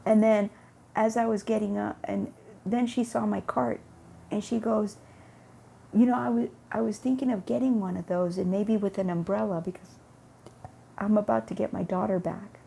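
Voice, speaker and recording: Gravelly-voiced woman telling a story. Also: medium pitch, steady tone, normal speed, mellow, a little hiss or hum. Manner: rambling, repeats words, acts out dialogue. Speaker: vlogger. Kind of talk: casual storytelling about faith.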